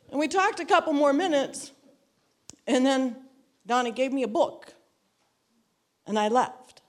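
An earnest woman with a fairly high voice shares her personal testimony before a church. She talks in a reflective way, repeating phrases to drive them home, and acts out the dialogue in her story. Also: animated, unhurried, pauses often. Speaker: church member giving a testimony.

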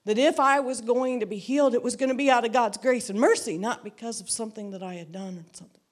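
A woman's voice: on the high side, fast. Earnest woman sharing a church testimony. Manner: earnest and reflective, repeating phrases for emphasis; acts out quoted dialogue in her story. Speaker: church member giving a testimony. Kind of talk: personal testimony.

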